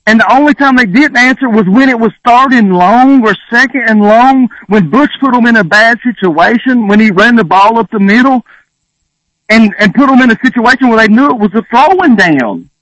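Fired-up high-voiced male caller. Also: animated, normal speed, a bit bright, no echo, dull audio. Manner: fired-up, blunt, swearing. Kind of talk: call-in sports radio.

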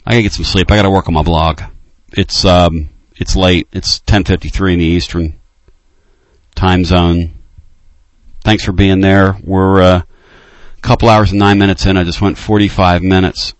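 A man hosting a late-night sports call-in show, ranting with fire and dropping to low, intense urging. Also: level tone, moderate pace, no room sound. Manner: fired-up ranting, swinging between loud outbursts and low intense urging. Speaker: sports talk show host.

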